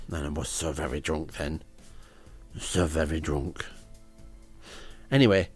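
Deadpan, rambling man. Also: lowish voice. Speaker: podcast host. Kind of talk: comic audio diary. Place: indoors, front room at home.

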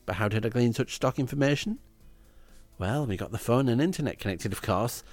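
A man reading a comic diary aloud in a deadpan way, with crude asides. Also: medium pitch, fairly quick, dry recording, faint music behind.

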